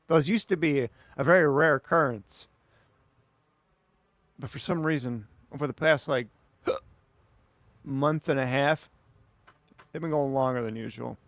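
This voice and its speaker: A male streamer talks in an unhurried, easygoing drawl, at a middle pitch for a man. He rambles and answers his viewers as he goes. The sound is dry and close, with little room echo. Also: fairly bright tone. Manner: laid-back, rambling, chats back to viewers. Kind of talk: casual late-night livestream chat.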